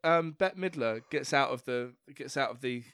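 A man chatting casually as a podcast co-host, laughing often and breaking into loud put-on voices. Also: mid-range voice, expressive, normal speed, clean tone, no echo. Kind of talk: casual chat.

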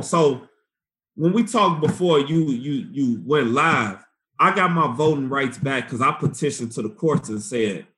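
A man in his forties from Chicago, a guest activist telling his story in an animated, profane, slangy way. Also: medium pitch, unhurried. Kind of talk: candid storytelling interview.

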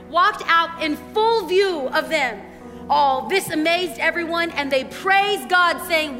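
Woman preacher, high voice, animated sermon, church hall reverb, soft music behind. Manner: animated, acts out voices in quotes. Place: church sanctuary. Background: soft worship music.

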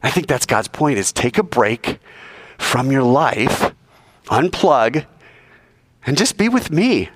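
Man speaking to students, lively sermon voice with plenty of melody and humor. Middle pitch. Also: takes it slowly, long pauses. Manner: animated, joking, acts out quoted voices. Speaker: youth speaker.

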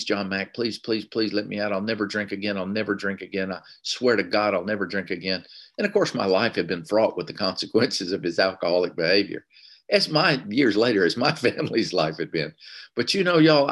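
A man's voice: fairly low pitch, a bit bright. Southern man in his sixties, candid testimony. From American South. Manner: candid and emotional, with wry humor. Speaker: speaker sharing a recovery story. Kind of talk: personal testimony at an online recovery meeting.

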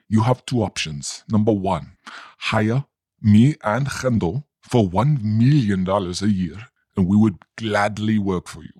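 A man's voice: on the low side, darkish tone, slightly rough, no room sound, studio quality. A man co-hosting a podcast, reading a mock-formal comedic open letter in stiff phrasing without contractions.

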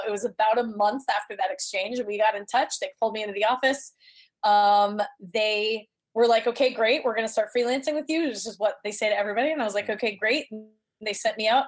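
A middle-aged woman, a voice actor, telling an anecdote in a casual interview and acting out the people in it. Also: mid-range voice. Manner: animated, acts out voices in her anecdotes.

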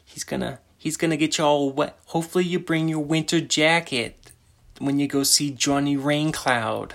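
A man's voice: on the high side, fairly even intonation, normal speed, vocal fry, a bit bright, voice pushed up. A man putting on the voice of a boastful Italian-American mobster, swaggering and repeating himself in street grammar. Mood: menacing. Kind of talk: improvised comic impression.

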